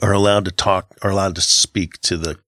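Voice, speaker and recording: A man's voice: deep voice, fairly even intonation, fairly quick, a bit bright, no room sound, clean studio sound. A middle-aged man co-hosting a casual Christian podcast, talking in an earnest, reflective way with frequent halts and restarts. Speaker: podcast co-host.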